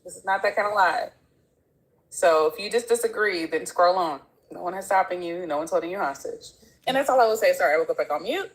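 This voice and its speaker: A woman's voice: on the low side, animated, a little fast, poor audio. A woman co-hosting a live-stream chat, firmly laying down the ground rules for the listeners.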